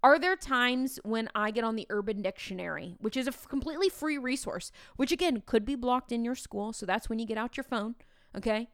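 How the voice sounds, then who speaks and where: A woman in her thirties, a teacher hosting a podcast, talking in a chatty, animated way with playful asides to the listener. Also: fairly high pitch, brisk, no room sound, studio quality. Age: 30s. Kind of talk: casual podcast talk.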